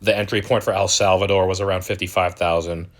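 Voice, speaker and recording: A man's voice: sits low, little pitch movement, fast talker. A young man hosting a crypto channel, ranting in a profane, exasperated and mocking way. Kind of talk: ranting video commentary.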